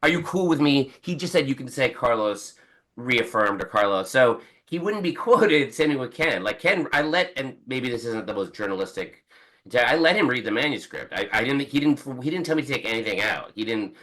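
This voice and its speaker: A man's voice: mid-range voice, lively intonation, moderate pace, fairly bright tone, low-quality recording. A man in his forties, a book's author, chatting as a guest on a podcast in a rambling way with many restarts and quoted asides. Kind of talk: casual podcast interview.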